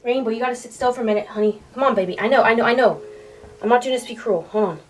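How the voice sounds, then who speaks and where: A woman filming her sick pet bird at home on a handheld camera, close to tears, talking in a halting, tender way with sighs and restarts. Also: a little high, slight background noise. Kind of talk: emotional home video complaint.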